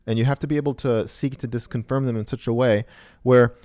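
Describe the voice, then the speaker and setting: A trading YouTuber talks to camera in a casual vlog monologue, joking and poking fun at himself, his volume swinging widely between loud and quiet. His pitch is medium, his intonation fairly even, and he speaks fairly quickly.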